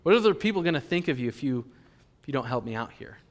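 A man voicing scheming leaders who coax and pressure, speaking quickly and low. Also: sing-song, lightly acted. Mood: pressuring. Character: scheming male crowd leaders, coaxing and pushy. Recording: long hall reverb.

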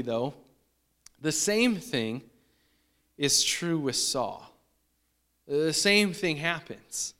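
A man's voice: on the high side, fairly bright tone. A man preaching a sermon in a conversational way, often repeating and restarting his phrases. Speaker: pastor.

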